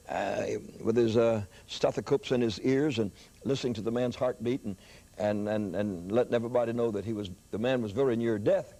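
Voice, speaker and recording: An older man preaching, telling a story in an animated sermon style with excited rises in his voice. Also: breathy edge. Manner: animated storyteller, rising pitch when excited.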